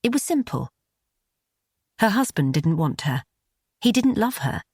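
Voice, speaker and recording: A woman narrating an audiobook in a measured, even storytelling delivery, recorded close on a studio mic. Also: mid-range voice, breathy edge, dry recording.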